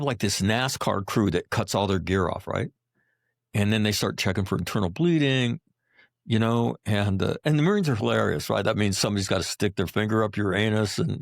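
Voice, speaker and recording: Gravelly, blunt-talking middle-aged man. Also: mid-range voice, no room sound, clean studio sound. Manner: blunt, profane and impassioned. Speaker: guest, combat veteran. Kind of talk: podcast interview.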